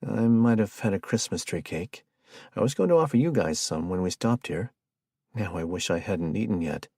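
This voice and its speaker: Playful, bantering young guy as a narrator puts him on, a bit livelier than the narration, gravelly voice. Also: sits low, animated, normal speed, dark tone, no room sound, clean studio sound, exaggerated voice. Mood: sheepish. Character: joking young man, playful mimic.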